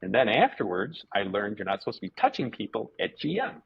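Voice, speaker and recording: A man, a martial arts instructor, telling stories casually as a guest, animated, repeating words and swearing freely. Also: on the low side, a little fast, gravelly, husky. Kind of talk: casual storytelling interview. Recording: dull lo-fi podcast audio.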